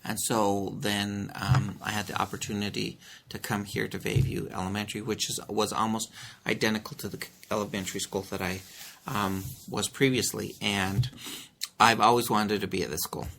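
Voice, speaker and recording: Principal guy, low gravelly voice, kinda flat, faint hiss behind, lots of ums. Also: moderate pace. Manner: earnest, many ums and restarts while explaining. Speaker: elementary school principal, interview guest. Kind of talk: conversational interview answers.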